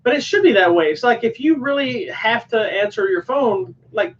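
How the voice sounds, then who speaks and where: A man's voice: extremely high pitch, animated, moderate pace. A man co-hosting a casual podcast chat, talking in an easygoing, rambling way. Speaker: co-host. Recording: dull sound from a distant mic.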